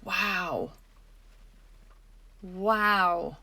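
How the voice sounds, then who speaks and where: A middle-aged woman hosting a podcast, giving a gentle, earnest, reflective spiritual self-help talk. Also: fairly low pitch, drawn-out words, noisy background. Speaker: podcast host.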